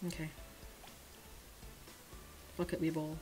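A young woman giving casual commentary while pulling in a gacha game, drifting between quiet, mumbled disappointment and sudden shrieks of excitement. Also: a little slow, long pauses, faint music behind, poor audio. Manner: swings from mumbled low sighs to shrieking excitement. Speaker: gacha gaming streamer.

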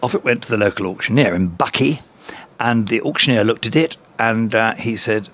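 English male guest, husky low voice, animated anecdotes, dry chuckles. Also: brisk. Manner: animated storyteller, chuckles through punchlines. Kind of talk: conversational anecdote-telling. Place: cricket ground commentary box.

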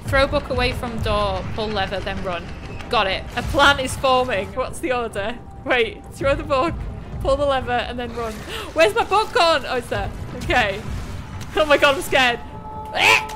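A high-pitched young woman talks her way through a horror game, chatty and jumpy, yelping at scares and laughing them off. Game music plays clearly underneath her commentary. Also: lively intonation, unhurried, pauses often. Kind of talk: live gameplay commentary.

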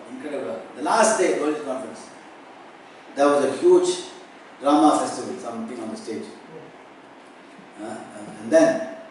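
A man speaking at a youth retreat, telling a personal story with animated delivery and acting out the dialogue. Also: mid-range voice. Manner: animated, acts out dialogue with rising intensity. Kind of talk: emotional personal storytelling talk. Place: large indoor retreat hall. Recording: very echoey hall, mic far off, faint noise.

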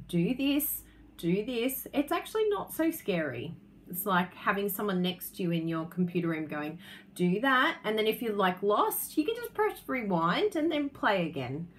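A woman's voice: on the high side, a bit bright. A woman hosting a casual live stream, bubbly and chatty, laughing often as she talks to viewers. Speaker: craft business host.

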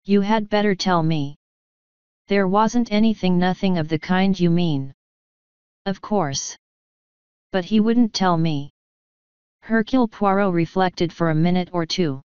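Slow, crisp-voiced woman narrator. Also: on the low side, no room sound, dull audio. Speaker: audiobook narrator. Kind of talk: scripted narration.

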